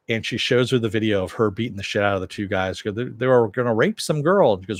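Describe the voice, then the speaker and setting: A TV show reviewer loosely recaps an episode, paraphrasing the dialogue with "he goes" and dropping frequent "uh" fillers. His fairly low voice runs at a quick pace with few pauses, recorded at studio quality with no room sound.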